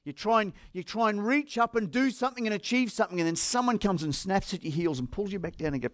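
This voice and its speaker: A man's voice: high voice, quick pace, few pauses, fairly bright tone, dry recording, studio quality. An Australian man preaching a sermon as pastor, firing rhetorical questions at the congregation.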